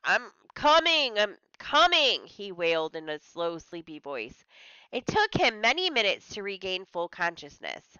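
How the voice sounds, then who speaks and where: A woman's voice: on the low side, sing-song, normal speed, pushed and bright, clear, resonant tone, dry recording, muffled recording. A woman teacher reading a story aloud to a class, stopping to explain hard words in simple terms.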